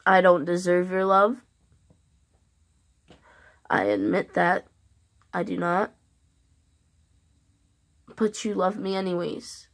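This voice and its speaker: A woman records a heartfelt message to the person she loves, speaking straight to camera. Her voice sits on the low side, and she talks earnestly and haltingly, pausing often between phrases. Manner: earnest, halting, with long pauses. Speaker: vlogger.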